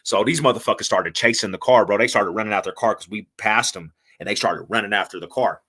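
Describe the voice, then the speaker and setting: A man talks as a podcast guest, spinning a story with a bright, forceful edge to his voice. He is animated and slangy, swears freely, and acts out what people said. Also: on the low side, fast, slightly rough. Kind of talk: casual storytelling.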